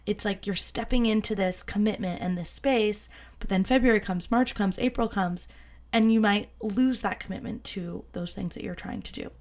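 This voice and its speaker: A young adult woman hosting a solo podcast, talking casually and chattily with lots of fillers and excited self-quotes. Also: mid-range voice, normal speed. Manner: bubbly, chatty, many fillers, quoting herself in excited voices. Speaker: podcast host.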